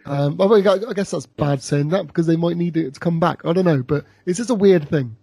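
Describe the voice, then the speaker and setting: A man's voice: fairly high pitch, fairly quick, creaky, warm tone, slightly rough, no room sound. A man chatting casually on a podcast, rambling with lots of fillers and frequent laughter. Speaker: podcast host. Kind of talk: casual chat reviewing an episode.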